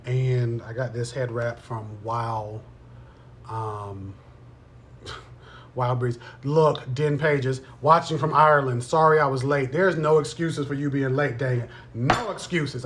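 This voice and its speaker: A man's voice: medium pitch, a little slow, fairly bright tone, a little hiss or hum. A man in his thirties hosting a live stream, chatting casually with viewers in a playful, teasing way. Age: 30s.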